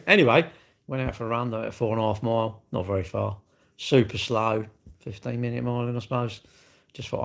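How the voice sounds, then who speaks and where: A man's voice: medium pitch, a little fast, creaky, pauses often. Rambling, jokey man on a livestream. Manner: rambling, jokey and self-mocking, with asides to viewers. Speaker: livestream host. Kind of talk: casual live-stream chat.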